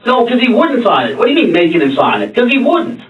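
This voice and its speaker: A man's voice: high voice, wildly swooping pitch, quick pace. Blunt, confrontational male detective. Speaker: police detective. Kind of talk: interrogation. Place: interrogation room. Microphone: room camera from afar. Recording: muffled echoey room from far off.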